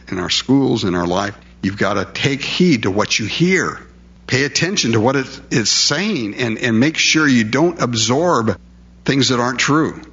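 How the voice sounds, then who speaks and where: A man's voice: medium pitch, a bit bright, highs cut off. A male preacher delivering a sermon in an emphatic, conversational way, full of rhetorical questions.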